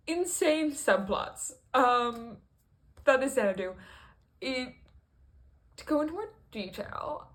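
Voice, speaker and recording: Rambling, chatty woman vlogger. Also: fairly high pitch. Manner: rambling and chatty, with frequent fillers and self-corrections. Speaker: video creator. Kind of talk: casual musical review vlog.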